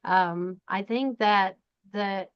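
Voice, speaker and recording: Slow-talking woman host, dull dry sound. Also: mid-range voice, clean tone, dry recording. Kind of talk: conversational interview.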